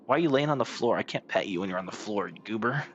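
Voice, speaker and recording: A man's voice: on the low side, animated, fast talker, muffled recording, slight background noise. Playful, chatty young male streamer. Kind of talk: casual live-stream chat. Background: game music.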